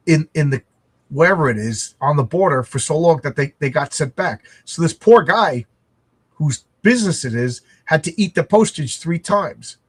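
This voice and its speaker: A man's voice: on the high side, slightly rough. A middle-aged man from the United States, chatting casually as a co-host, rambling with lots of restarts. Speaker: podcast co-host. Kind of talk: casual chat over a video call.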